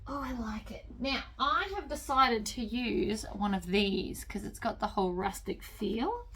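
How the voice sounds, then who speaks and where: A woman's voice: fairly high pitch, expressive, unhurried, fairly bright tone, a little hiss or hum. A woman hosting a sewing tutorial, chatting casually and talking to herself as she stitches, cheerfully pleased with her work. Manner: chatty, talks to herself while working, enthusiastic about her stitching. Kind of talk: relaxed instructional sewing talk. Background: sewing machine running.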